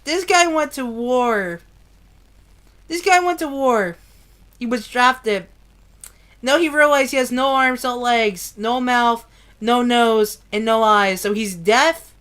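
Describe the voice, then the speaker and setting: A woman's voice: high-pitched, slow pace, fairly bright tone. A woman reading a novel aloud with casual commentary, emotional and tearful and swearing often. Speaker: book reader.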